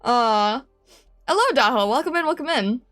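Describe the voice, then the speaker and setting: A woman streamer chats casually with her viewers in a high, animated voice with a fairly bright tone, at a moderate pace. She giggles often and rambles with many restarts, while soft music plays in the background.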